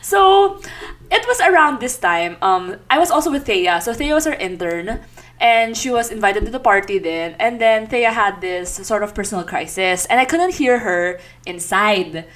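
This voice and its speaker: A young woman with a Filipino accent, co-hosting a casual podcast and telling animated, laughing stories. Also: medium pitch, moderate pace. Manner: animated storytelling, laughing, mixes Tagalog into English. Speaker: podcast co-host. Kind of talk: casual chat.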